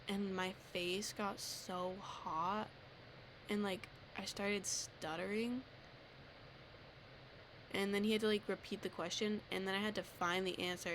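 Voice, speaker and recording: A woman's voice: mid-range voice, a bit bright, slight background noise. A teenage girl ranting casually to camera, rambling and self-deprecating, with lots of filler words. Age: teens. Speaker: vlogger.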